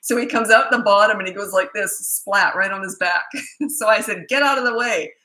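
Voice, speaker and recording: A woman's voice: medium pitch, steady tone, moderate pace, sharp tone, poor audio. A middle-aged woman, a parenting coach, answering viewer questions in a blunt, chatty way and telling stories with laughter. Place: Australia.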